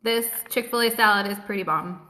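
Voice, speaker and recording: Streaming live from home, this keto Q&A host speaks briskly at a medium pitch, her tone pushed and bright over a little hiss or hum. She curses freely and cheerfully, answering viewers bluntly with her mouth full as she eats.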